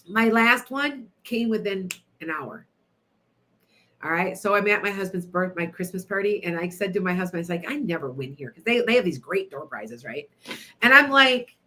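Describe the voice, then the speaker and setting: A middle-aged woman chats through a story on her radio show. Her pitch sits mid-range. She sounds animated, laughs often and speaks to listeners by name. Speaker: radio show host, psychic.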